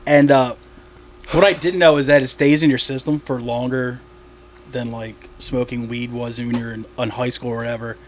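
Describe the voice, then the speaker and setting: A man's voice: medium pitch, fairly even intonation, moderate pace, slight background noise. A man, a stand-up comic from Delaware, chatting on a podcast in a rambling way, laughing at his own jokes and swearing casually.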